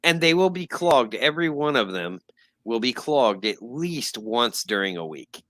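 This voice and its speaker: A man chatting casually on a podcast, explaining practical details in a matter-of-fact way. His voice is bright and forceful. He is recorded close and dry, with no room sound. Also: mid-range voice, big pitch swings, a little slow, no room sound. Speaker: co-host, building maintenance worker. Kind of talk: casual chat.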